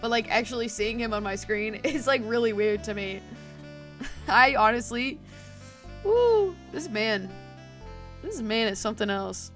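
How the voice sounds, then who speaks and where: A woman's voice: on the high side, lively intonation, slow, pauses often, fairly bright tone. Young female streamer, casual slangy commentary, faint music bed. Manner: chatty slang, lots of "like" and laughs.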